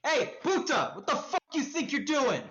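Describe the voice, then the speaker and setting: A swaggering young street tough, profane and confrontational, barking his lines on a dull lo-fi stream, as a woman puts him on. His voice is pitched a touch low and slow. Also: sing-song. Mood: menacing. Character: brash young street tough man, aggressive.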